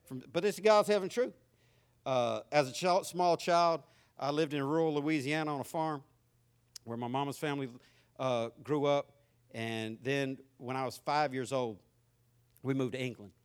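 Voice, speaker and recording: A man in his fifties with a Southern accent, preaching a sermon and telling his own story in a folksy, animated way, swinging from loud to quiet. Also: mid-range voice, moderate pace, smooth. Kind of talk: sermon with personal testimony.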